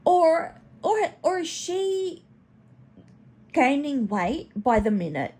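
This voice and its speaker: A woman's voice: high-pitched, sing-song, slow, mellow. A woman hosting a casual reaction commentary, chatty and snarky, swearing now and then. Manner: chatty, snarky, swears, talks to her pet in baby talk. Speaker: commentary channel host.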